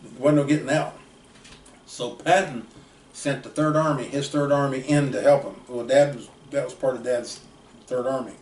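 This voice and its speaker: This plainspoken older man from the United States is a folksy uncle whose long family stories wander casually. His mid-range voice has a darkish tone, fairly even intonation, and a moderate pace. The mic is distant, so the sound is roomy with faint background noise.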